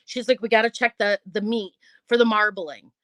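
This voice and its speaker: A woman's voice: a little high, normal speed, no echo. A woman hosting her own channel, telling a long story and acting out every line of dialogue. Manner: animated, acts out quoted voices. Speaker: channel host. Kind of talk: live-stream storytelling. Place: indoors at home.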